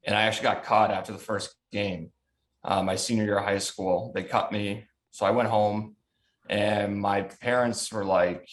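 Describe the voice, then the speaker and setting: A man's voice: lowish voice, level tone, normal speed. A man in his thirties from the Chicago suburbs, a former hockey goalie, telling stories in a casual, profane podcast chat and laughing often. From Chicago south suburbs, USA.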